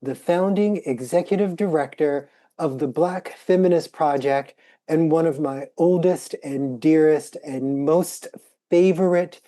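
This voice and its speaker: A woman co-hosting a podcast with an enthusiastic manner as she introduces a guest. Her voice is very low, mellow and unhurried. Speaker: podcast co-host. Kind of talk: casual chat, reading a guest bio.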